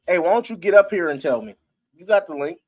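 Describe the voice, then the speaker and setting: A man's voice: high-pitched, lively intonation, fast talker. A man hosting a casual live-stream sports talk show, talking loosely with his viewers and breaking into laughter.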